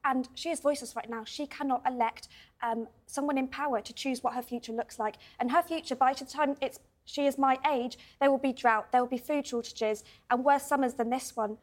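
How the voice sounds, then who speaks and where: A woman's voice: sits high, steady tone, fairly quick. A woman, a protester guest, earnestly arguing for the voiceless young. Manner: earnest, pleading. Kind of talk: debate.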